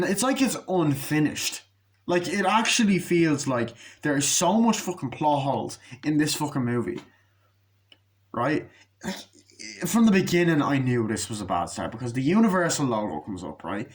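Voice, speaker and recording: A man's voice: on the high side, very animated. Ranting, foul-mouthed young man. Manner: profane, ranting, acts out scenes in quick put-on voices. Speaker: movie reviewer. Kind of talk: casual spoken movie review.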